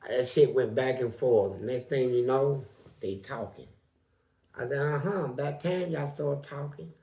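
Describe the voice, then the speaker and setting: A man with a gravelly, rough voice spins a casual story, acting out every voice in it and swinging from loud bursts to hushed murmurs. His voice rings in an echoey room. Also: medium pitch, measured pace. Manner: animated, acts out quoted voices, swings loud and quiet.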